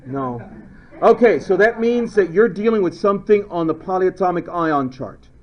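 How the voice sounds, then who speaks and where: A male chemistry teacher lecturing a class in a playful way, now and then shouting silly memory phrases. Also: high voice, expressive, moderate pace. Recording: dull lo-fi classroom recording.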